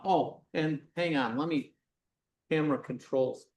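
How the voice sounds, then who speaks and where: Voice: mid-range voice, normal speed. A middle-aged physics instructor leading a live virtual workshop from a large lecture hall, talking bluntly and casually with jokes. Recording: echoey hall, distant mic.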